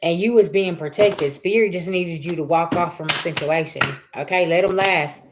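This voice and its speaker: A woman's voice: lowish voice, normal speed, music in the background. A woman in her thirties, reading tarot on a livestream and telling casual stories with a lot of cussing and laughter, speaking straight to her chat.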